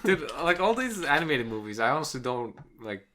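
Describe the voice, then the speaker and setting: Give me a sarcastic, bright-voiced male co-host. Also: on the high side, very animated, a little fast, slight background noise. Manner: sarcastic, swears casually. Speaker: podcast co-host. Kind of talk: casual podcast banter.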